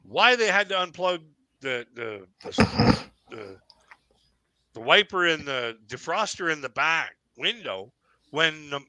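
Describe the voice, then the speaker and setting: Male streamer, storyteller, wry and salty, bright, slightly high voice, dry sound. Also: very animated, slow pace, no echo. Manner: wry, swears freely, acts out quoted voices. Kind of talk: casual storytelling chat.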